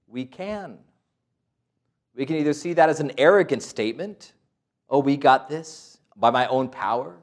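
A middle-aged man, a priest, preaching a sermon with stories, asides and quoted voices. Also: on the high side.

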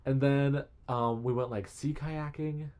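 A young man chatting casually as a podcast guest, an animated storyteller who acts out quotes. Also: medium pitch, measured pace. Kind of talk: casual chat.

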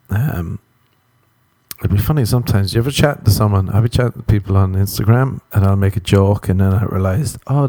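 Crude, rambling man with a low voice. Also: mellow, no room sound. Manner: crude, rambling, swears constantly; self-mocking, drifts into quick asides. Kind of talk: casual comedic monologue.

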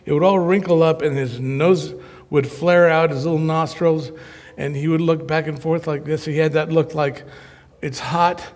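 Male preacher, lively comic storyteller, slightly high voice, long hall reverb. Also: moderate pace. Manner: animated, self-mocking storyteller. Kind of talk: humorous storytelling sermon.

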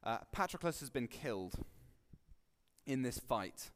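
A man giving a relaxed, conversational sermon, joking and acting out quotes with sudden loud bursts. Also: mid-range voice, a little slow. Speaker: preacher. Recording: long hall reverb.

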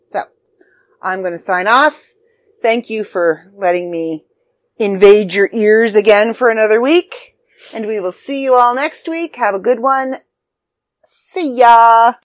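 Woman podcast host, unhurried, rambling and self-deprecating, slightly dry throat. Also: mid-range voice, no room sound. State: throat drying out. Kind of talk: casual podcast sign-off.

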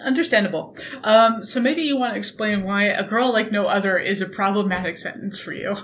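A woman's voice: mid-range voice, fairly quick, a bit bright. Thoughtful woman podcast co-host, faint hiss. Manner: thoughtful, steers the discussion with questions. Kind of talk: casual book-club podcast chat.

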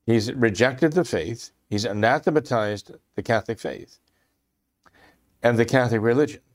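A man giving impassioned religious commentary, emphatic and repeating phrases for stress, clearing his throat often. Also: medium pitch, moderate pace.

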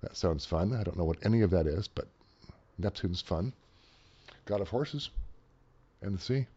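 A man's voice: low-pitched, expressive, moderate pace, warm tone, husky. A man co-hosting a podcast, casually reading out event listings with dry, joking asides. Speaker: podcast co-host. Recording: dull lo-fi sound.

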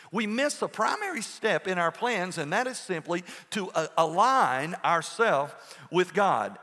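Bright high-pitched preaching man, echoey hall. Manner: earnest preaching with pauses and restarts. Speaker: pastor. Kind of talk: sermon.

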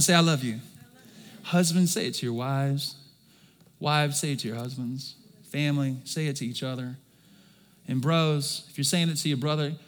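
A man preaches to his church in a high, bright voice that carries a long reverb through the hall. He drops low and quiet, then climbs loud and emphatic, calling out for the congregation to answer back. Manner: swings from soft and low to loud and emphatic, calls for congregation response. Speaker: pastor. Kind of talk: sermon.

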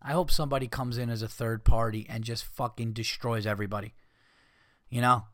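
A man hosting a podcast, ranting casually with heavy swearing and mocking people in put-on high voices. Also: steady tone, brisk, fairly bright tone, dry recording, studio quality. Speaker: podcast host. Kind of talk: casual rant.

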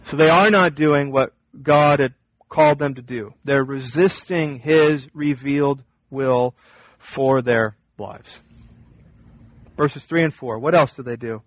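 A man preaching a sermon, reading scripture and explaining it earnestly, his voice climbing and growing louder when he presses a point. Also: takes it slowly, dry recording, poor audio. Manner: earnest preaching, rises in pitch and volume when stressing a point. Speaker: pastor.

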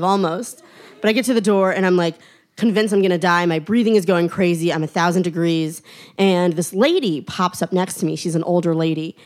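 A young woman telling a personal story on stage, animated and self-mocking, often laughing through her lines. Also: mid-range voice.

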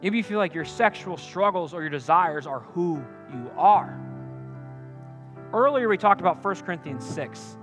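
A young man preaching a sermon to a campus group. He speaks earnestly and directly, moving between loud punchy lines and quiet confiding ones. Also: high voice, expressive, normal speed, faint music behind.

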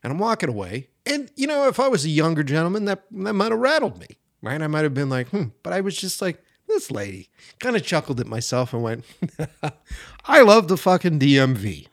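A man's voice: a little high, quick pace, gravelly, dry recording. Forties guy telling a story, voice jumps all over, swears a lot, dry close sound. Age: 40s. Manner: animated, profane, acts out quoted people. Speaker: podcast host. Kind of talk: casual storytelling.

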